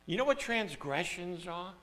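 A male preacher with a fairly high, ringing voice talks to his congregation in an easy, conversational way. His pitch swings widely as he moves from quiet asides to forceful, emphatic readings. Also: very animated, moderate pace. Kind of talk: sermon.

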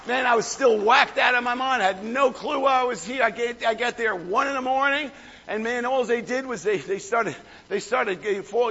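A hoarse male pastor preaching a fervent sermon, shouting at the peaks and calling out to the crowd. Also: very high-pitched. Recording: echoey hall, dull lo-fi sound.

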